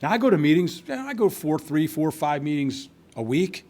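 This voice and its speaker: A man's voice: a little high, sing-song, fairly quick, darkish tone. A man in his sixties telling his recovery story to a meeting, candid and wry, with restarts. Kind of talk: personal testimony to a live meeting. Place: meeting hall.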